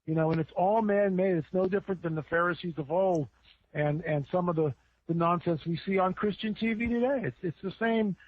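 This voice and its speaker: A man with a high voice preaches informally as a podcast guest, stacking repeated phrases as his emphasis climbs. The sound is dry and close. He comes through a thin, tinny phone line. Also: a little fast, no room sound. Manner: repeats words, builds up with rising emphasis.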